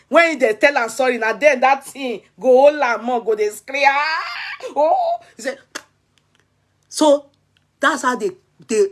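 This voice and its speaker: A woman's voice: high-pitched, a bit bright. A Nigerian woman vlogger with a Yoruba-tinged accent, telling a comic childhood story in Pidgin, acting out the crying and laughing often.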